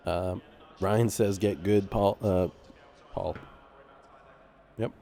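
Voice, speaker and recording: A man doing live sim racing commentary, relaxed and laughing often, tripping over driver names. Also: sits low, extremely slow, creaky.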